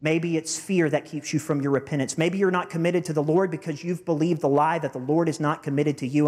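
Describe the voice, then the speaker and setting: Pastor, thirties, male, slightly high voice, earnest and heartfelt, preaching under long church reverb. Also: fairly even intonation, a little fast, darkish tone. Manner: earnest, heartfelt, addresses the congregation directly. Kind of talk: sermon. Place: church sanctuary.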